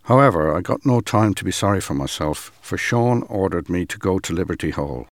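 A man giving a measured, dramatic reading of a first-person account. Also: sits low, animated, dry recording, clean studio sound.

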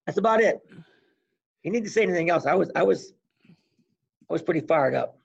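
A man in his sixties, a former college wrestler, telling animated stories as an interview guest and acting out old conversations. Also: high voice, a little fast, pauses often. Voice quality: gravelly, husky. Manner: animated storyteller who acts out past conversations. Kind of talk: casual storytelling interview. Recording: dull lo-fi recording.

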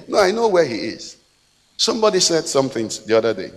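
Impassioned Nigerian pastor preaching in a hall. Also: male voice, medium pitch, sing-song, fast. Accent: Nigerian English. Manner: impassioned preaching, swinging from shouts to hushed prayer. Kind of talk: sermon.

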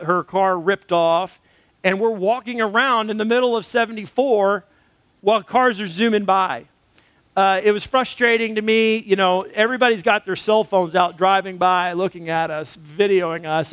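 Male pastor, higher voice, earnest conversational sermon, dry close recording. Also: fairly bright tone, clean tone, no echo. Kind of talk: sermon with personal story.

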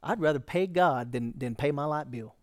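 A man's voice: on the high side, normal speed. A male pastor preaching a sermon in a folksy, conversational way.

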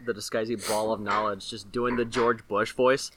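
A man's voice: fairly low pitch, level tone, normal speed, fairly bright tone. A man on a casual podcast, chiming in with short, enthusiastic reactions. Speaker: podcast co-host.

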